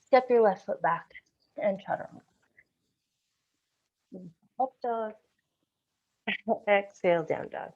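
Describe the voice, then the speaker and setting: A young woman guides a yoga flow on a video call, her cues calm and timed to the breath. She speaks slowly and evenly at a mid pitch, a little winded as the sequence goes on. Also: lo-fi sound. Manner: calm breath-paced cueing, occasional self-corrections. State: slightly out of breath. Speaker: yoga instructor. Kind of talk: live-streamed yoga class cues.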